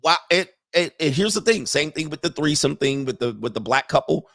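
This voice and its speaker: Middle-aged man, reaction commentary, slangy and profane, fairly high voice, dry close sound. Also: brisk, gravelly, no room sound. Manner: blunt, slangy, profane, animated. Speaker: host reacting to interview clips. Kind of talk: casual commentary.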